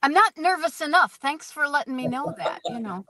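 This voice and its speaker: An American woman telling lively, self-deprecating stories as the guest in an interview, speaking from a parked car. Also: sits high, brisk, dry recording. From United States. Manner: animated, self-deprecating, storytelling. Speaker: guest performer. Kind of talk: casual interview.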